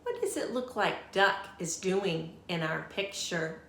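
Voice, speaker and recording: A woman teacher with a bright, clear voice on the low side reads a picture book aloud to children at a slow, unhurried pace, her intonation lively. She often pauses to ask the kids questions during storytime. The room sounds echoey.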